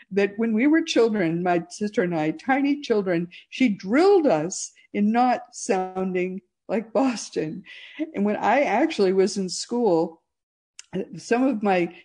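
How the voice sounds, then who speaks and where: An enthusiastic woman hosts a radio talk show, speaking with a neutral American accent. She is from Massachusetts, and her delivery is chatty and lively, in a middle-pitched voice. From Massachusetts, USA. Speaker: host.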